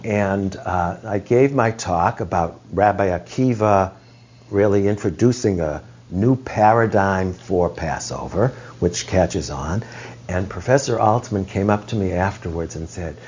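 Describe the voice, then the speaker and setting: A man's voice: low-pitched, a little slow, darkish tone, breathy edge. A man teaching a study group, explaining ideas in a reflective way and sometimes searching for his words. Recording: dull lo-fi recording.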